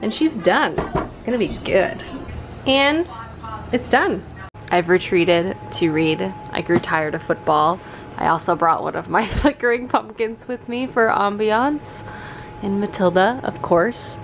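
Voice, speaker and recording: A young woman chats to her camera at home in an upbeat, rambling way, full of fillers. Her voice sits at a middle pitch. A faint hum of noise runs underneath. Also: a little slow. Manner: chatty, upbeat, filler-heavy. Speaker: booktube vlogger. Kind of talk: casual vlog chat.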